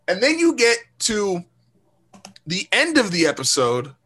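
A man co-hosting a podcast, telling a story in a casual, animated, profane way and acting out quoted lines. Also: high voice, measured pace. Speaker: podcast co-host. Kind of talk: casual chat.

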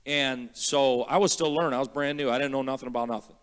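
A man preaching as a guest pastor, emphatic and repetitive, slowing down to spell out words and building to loud praise. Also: mid-range voice, fairly even intonation, clear, resonant tone. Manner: repeats words slowly for teaching. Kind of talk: sermon.

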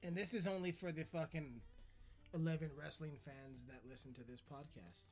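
A man's voice: on the high side, fairly even intonation, moderate pace, faint music behind. A man hosting a podcast, ranting in a crude, sarcastic, swearing comedic style. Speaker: podcast host. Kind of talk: profane comedic rant.

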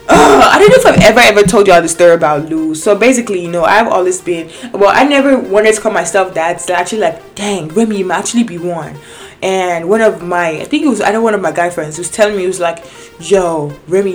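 An excitable young woman chats to her viewers about her own life, and her voice sits a little low. She tells it in an animated way, restarts often and acts out both sides of conversations. Faint music plays behind her. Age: young adult. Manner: animated, excitable, many restarts and quoted dialogue. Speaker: vlogger. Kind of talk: casual personal storytelling to viewers.

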